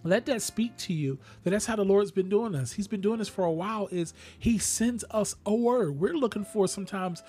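A man's voice: sits high, moderate pace, hardly any pauses, mellow, slightly rough, faint music behind. A man preaching a radio sermon, talking straight to his listeners and rising to sudden exclamations.

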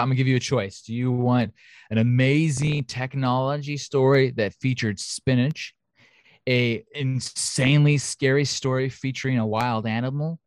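A man's voice: mid-range voice, no echo, clean studio sound. A man hosting a casual podcast, reading news stories in a jokey way, often laughing. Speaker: podcast host.

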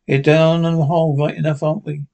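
Bickering old Scottish pensioners. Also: male voice, a little high, creaky, dull audio. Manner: quick, sweary, deadpan banter. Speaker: sitcom characters. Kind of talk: scripted sitcom dialogue.

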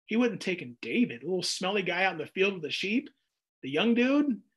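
A man teaching a Bible study in a casual, animated way, reading scripture aloud and breaking in with jokey asides. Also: high-pitched, brisk, breathy edge.

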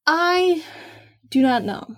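A woman's voice: high-pitched, lively intonation, slow pace. A teenage girl chatting casually over a voice call, rambling and giggly as she retells scenes. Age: teens. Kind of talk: casual chat. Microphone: computer mic on a voice call.

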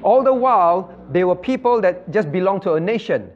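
A man's voice: high voice, animated, moderate pace. A male pastor teaching a Bible study. He repeats key phrases and quizzes his listeners by name. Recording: muffled lo-fi recording.

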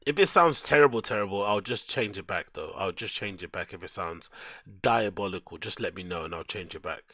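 A man talks casually to his live-stream audience through a dull lo-fi headset mic, with a dry recording. His voice is low-pitched, bright and forceful, and a little fast; he's laid-back, swears freely, and speaks straight to his chat.

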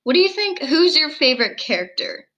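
A girl in her early teens co-hosting a casual video-call chat, giggly, chatty and quick to laugh at herself. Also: sits high, big pitch swings, bright, forceful tone, dull audio. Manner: giggly, chatty, self-deprecating. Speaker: co-host. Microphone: computer mic on video call.

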